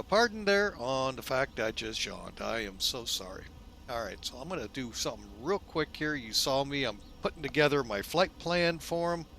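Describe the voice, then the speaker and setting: Chatty man with a bright voice. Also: fairly high pitch. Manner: chatty, folksy, keeps calling viewers "folks"; relaxed, loose delivery with frequent fillers. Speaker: flight simulator video host. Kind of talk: casual narrated simulator walkthrough.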